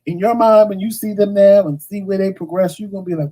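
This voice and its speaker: A man hosting a morning talk show, talking in a casual monologue that is blunt and animated, with slang and stuttered restarts. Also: sits high, fast talker, hardly any pauses, rough recording.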